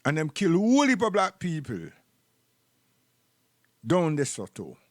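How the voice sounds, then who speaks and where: Jamaican man, rambling live-stream host, raised pitch, preachy, repeats words, dry sound. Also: huge pitch swings, measured pace, no room sound.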